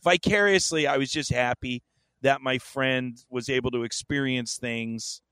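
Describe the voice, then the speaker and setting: A man's voice: medium pitch, unhurried, a bit bright, smooth, no echo. A man co-hosting a podcast, telling a story in a rambling, profane, joking way. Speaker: podcast co-host. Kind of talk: casual chat.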